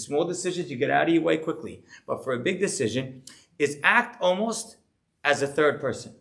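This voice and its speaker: Middle-aged guy rabbi giving a chatty sermon, kinda high voice, gets really animated. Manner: animated, conversational preaching with rising emphasis.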